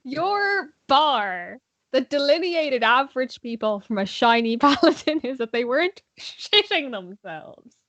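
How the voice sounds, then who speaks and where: A woman with an Irish accent, a guest player in a tabletop game, teasing and quick-witted. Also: sits high, very animated, fairly bright tone, no echo. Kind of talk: casual tabletop game chat. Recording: dry, dull lo-fi audio.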